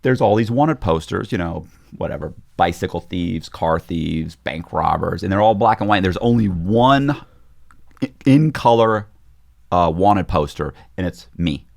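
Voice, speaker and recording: A man with a fairly low voice tells a story as a podcast guest in relaxed conversation. His pitch swings widely as he acts out the voices of the people he quotes. He often breaks off and restarts his sentences. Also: measured pace, creaky. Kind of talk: casual storytelling.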